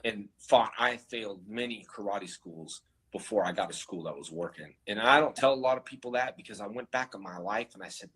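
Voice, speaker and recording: A man casually telling stories in an interview, animated and acting out the voices of people he quotes. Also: on the low side, brisk, hardly any pauses, husky, rough recording. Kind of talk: casual storytelling.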